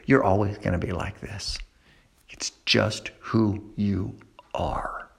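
A man voicing Satan as a sly male tempter, speaking low and hushed. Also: steady tone, takes it slowly, gravelly, breathy edge, heavily acted. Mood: taunting.

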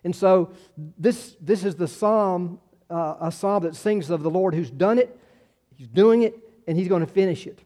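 A man's voice: high-pitched, normal speed, warm tone. A man in his sixties preaching a sermon in a folksy, conversational way, repeating words and telling personal stories. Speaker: pastor.

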